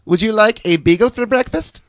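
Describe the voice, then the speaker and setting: A man imitating his older German mother, who mangles English words, in a high, thickly accented voice. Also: brisk, no room sound, studio quality, natural voice. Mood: chirpy.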